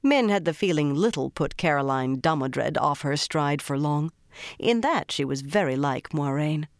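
A narrator reads fantasy prose in an even, steady storytelling voice. The pitch sits in the middle range. The close mic gives a dry sound with no room echo. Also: normal speed. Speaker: audiobook narrator.

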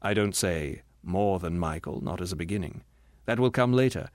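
A man doing a calm, gentle spirit brother. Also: deep voice, moderate pace, dry recording, studio quality, natural voice. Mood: gentle, soothing. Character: patient, gentle bright spirit, the ghost's brother. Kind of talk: audiobook character reading.

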